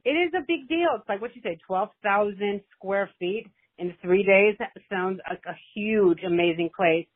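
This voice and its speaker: A woman's voice: mid-range voice, moderate pace, husky. A woman leaving a long, affectionate, rambling voicemail for the host. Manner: gushing and rambling, motherly. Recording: tinny phone voicemail.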